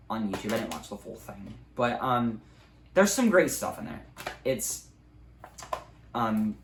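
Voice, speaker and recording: A man's voice: mid-range voice, a bit bright. A young man in a casual movie review, rambling with many ums and likes. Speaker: video creator. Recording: echoey room, faint ambient noise.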